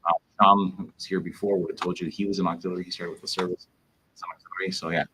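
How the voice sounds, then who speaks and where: A man, a police officer, hosting a casual livestream Q&A, talking in a rambling, halting way full of fillers. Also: low voice, flat delivery, very noisy.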